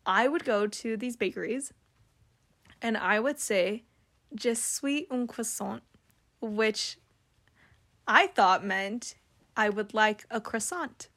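A young woman from the States chats on a podcast in a mid-pitched voice. She tells her story in a lively, laughing way, acting out the quotes as she goes. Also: slow pace, long pauses. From United States. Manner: animated storyteller, laughs often, acts out quoted lines. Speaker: podcast co-host. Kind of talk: casual chat.

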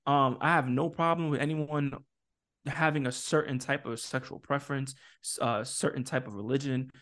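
A podcast co-host with a medium-pitched voice speaks at normal speed in a casual chat. He's animated and emphatic, laughs often, restarts and asks for words as he works out his points aloud as an opinionated parent.

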